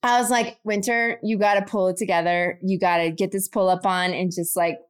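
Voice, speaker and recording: A woman in her thirties, co-hosting a podcast, telling a story in a casual and animated way. She laughs often and acts out what people said. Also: medium pitch, a little fast, smooth. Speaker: podcast co-host.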